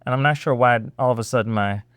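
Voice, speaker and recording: A man hosting a political reaction show, talking in a sarcastic, animated way with many rhetorical questions. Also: medium pitch, fast talker, smooth, dry recording, studio quality. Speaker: host.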